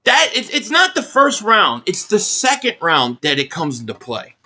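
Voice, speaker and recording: Hosting a live reaction to a football game, an angry man swears bluntly and harps on the same complaint while reading messages from his viewers. His voice is bright and forceful, its pitch swooping wildly line to line, at normal speed.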